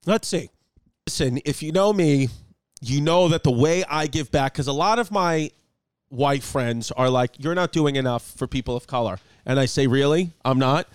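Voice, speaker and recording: Brief: young male podcast host, high voice, crude rambling jokes, dry close mic. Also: moderate pace, clean tone, no room sound. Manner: loud, jokey, rambling, crude humor. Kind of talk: casual podcast chat with host-read ads.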